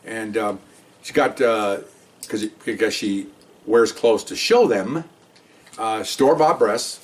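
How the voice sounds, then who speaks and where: A man in his sixties, retired from police detective work, tells stories slowly in a voice on the low side. His style is rambling and conversational with frequent asides, and he sounds somewhat distant from the mic.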